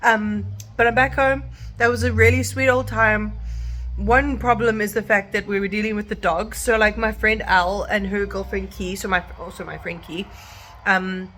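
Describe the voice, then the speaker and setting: A woman's voice: mid-range voice, steady tone, normal speed, a bit bright. A woman from South Africa chatting casually to camera in a vlog, rambling with lots of fillers and restarts. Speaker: vlogger. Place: at home and outdoors in a park.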